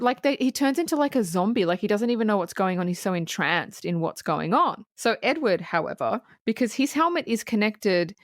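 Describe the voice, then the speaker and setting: A woman co-hosting a movie podcast, recapping scenes in animated, casual chat and swearing freely. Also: medium pitch, no echo, clean studio sound. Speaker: podcast co-host.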